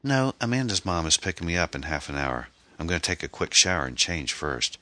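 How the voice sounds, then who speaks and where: A man's voice: low-pitched, expressive, fairly quick, bright, forceful tone, no room sound, pitched above the performer's own voice. A man voicing a sulky, whining teenage girl as he reads a novel aloud. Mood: whiny teen. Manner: whiny, teasing.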